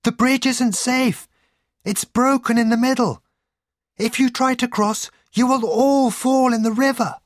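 A frantic countryman cries out in a shrill, strained shout, as a man puts him on. The voice sits far above the reader's own and presses hard with alarm. It is a storybook reading on a dry, close recording. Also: fairly even intonation, a little slow, no room sound. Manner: urgent, shouted warning. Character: frantic male villager shouting a warning.

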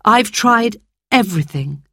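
A woman reading a storybook, voicing a sorrowful mother who speaks quietly and steadily. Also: mid-range voice, expressive, a little slow, dry recording, studio quality, voice pushed up. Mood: sad calm.

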